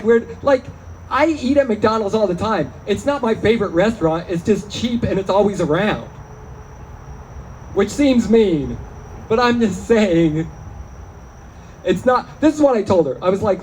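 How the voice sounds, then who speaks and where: High-voiced man doing stand-up. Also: unhurried, a little hiss or hum, rough recording. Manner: deadpan, self-mocking, jumps into quoted voices. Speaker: stand-up comedian. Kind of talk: stand-up comedy set. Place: small venue, live audience.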